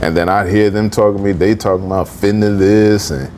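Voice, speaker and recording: Deep-voiced man chatting loosely. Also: brisk, slight background noise. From New Jersey. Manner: laid-back storytelling, animated when telling funny stories. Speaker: podcast co-host. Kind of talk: casual chat.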